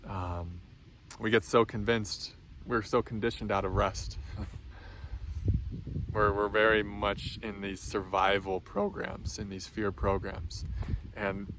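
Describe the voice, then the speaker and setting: A man giving a gentle spiritual talk as a teacher, speaking softly and reassuringly with frequent ums and restarts. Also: on the low side, background noise. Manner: soft, slow, reassuring, with many ums and restarts.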